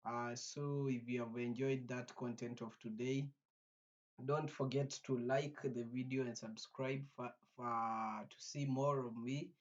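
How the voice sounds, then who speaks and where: A man's voice: medium pitch, measured pace, lo-fi sound. A man hosting a reaction video, signing off casually with lots of fillers. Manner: relaxed sign-off with fillers.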